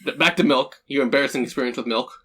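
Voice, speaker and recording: A man's voice: medium pitch, very fast, fairly bright tone, breathy edge. A young man co-hosting a podcast, trading dry joking quips in a casual chat. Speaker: podcast co-host.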